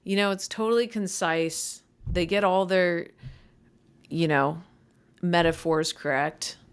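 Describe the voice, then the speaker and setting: A woman's voice: lowish voice, fairly even intonation, slow, clear, resonant tone. Stumbling, irritable young woman comedian. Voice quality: voice cracks. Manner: stumbling, self-deprecating, easily irritated. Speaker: comedian podcast host. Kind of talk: casual rambling monologue.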